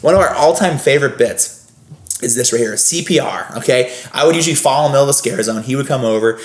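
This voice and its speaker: A young man, a scare actor guest on a podcast, telling stories in a casual, animated way, full of acted-out voices and fillers. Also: mid-range voice, fast talker. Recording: roomy echo.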